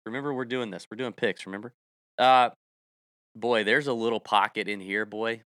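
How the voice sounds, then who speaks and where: Bright, crisp-voiced male podcast host. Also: mid-range voice, moderate pace, no room sound, clean studio sound. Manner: rambling, jokey, salesy announcements. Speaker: golf betting podcast host. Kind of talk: casual podcast chat.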